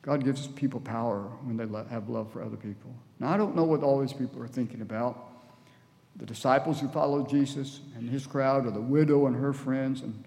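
A man's voice: mid-range voice, brisk, gravelly, dark tone. A man preaching a sermon in church, earnest, sometimes acting out the people in the story. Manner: earnest, acts out voices in the story. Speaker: guest preacher. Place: church hall. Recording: long church hall reverb.

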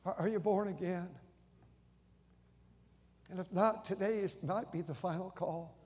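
A man's voice: high voice, fairly even intonation, a little slow, darkish tone, slightly rough. An older man preaching a sermon in a conversational, storytelling way, often stammering and repeating his starts. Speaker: pastor. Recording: long hall reverb.

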